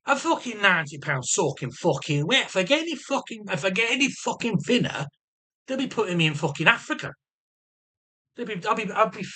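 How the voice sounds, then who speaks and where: A man rants through a personal update in a somewhat high, bright and tense voice. He swears in almost every line, restarts and repeats himself, and his pitch swings widely as he grows defensive and agitated. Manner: swears constantly, rambling and repetitive. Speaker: vlogger. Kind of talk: ranting personal health update.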